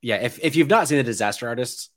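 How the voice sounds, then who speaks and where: A man's voice: mid-range voice, lively intonation, quick pace, dry recording. Man reading out film trivia. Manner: stumbling restarts, reads trivia aloud. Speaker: podcast co-host sharing trivia. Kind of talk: casual chat.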